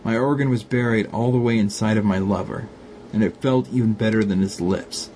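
A man with a Glaswegian accent reading an erotic story aloud, calmly narrating and voicing the lovers with light shifts. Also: fairly low pitch, a little fast, a little hiss or hum.

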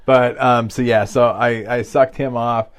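On a casual podcast, a male co-host tells stories in a slightly slow, medium-pitched voice with fairly even intonation. His talk rambles and circles back, full of fillers and asides, candid and relaxed, with laughter breaking in.

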